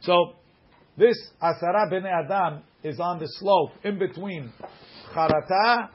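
Man teaching a Talmud class, husky and slightly high voice, muffled lo-fi recording. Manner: mixes Hebrew-Aramaic readings with quick English explanations. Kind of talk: Talmud class, reading and explaining.

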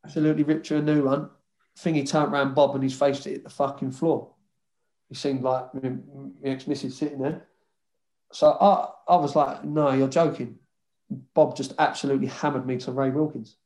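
A man's voice: mid-range voice, little pitch movement, normal speed, darkish tone. A man, a former footballer casually telling rambling anecdotes in an interview, swearing freely.

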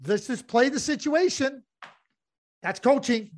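Emphatic high-voiced man ranting about hockey. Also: unhurried. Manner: blunt, emphatic, repeats phrases. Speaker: sports talk show host. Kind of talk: heated hockey talk.

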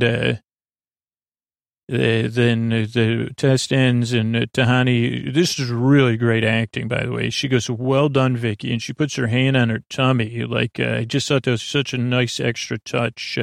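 A man hosting a sleep podcast, giving a drowsy, unhurried recap of an episode, halting with many fillers and self-corrections. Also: flat delivery, gravelly, no echo, studio quality. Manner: low-key, unhurried storytelling.

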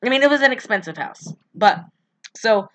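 A woman in casual chat, recapping a movie in a rambling, giggly way and putting on quick voices for the characters. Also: on the high side, lively intonation, fairly bright tone. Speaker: podcast co-host recapping a movie.

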